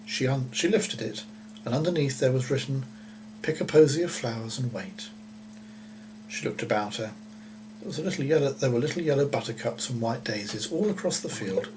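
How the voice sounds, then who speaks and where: A man reads a children's story aloud at a gentle, unhurried pace. His voice sits at an ordinary middle pitch, with small slips and restarts now and then. A faint hum runs behind him. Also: expressive, rough recording.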